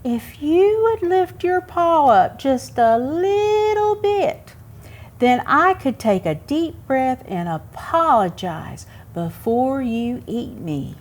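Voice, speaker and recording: A woman voicing a cheeky little male squirrel in a storybook reading, with a high chirping voice. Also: sing-song, slow, exaggerated voice. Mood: pleading.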